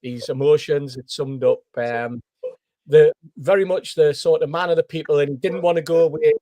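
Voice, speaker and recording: A man's voice: on the high side, moderate pace, no room sound. A man telling a story as a podcast panelist, acting out the voices of the people in it. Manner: animated storyteller, acts out quoted voices. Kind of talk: casual anecdote telling.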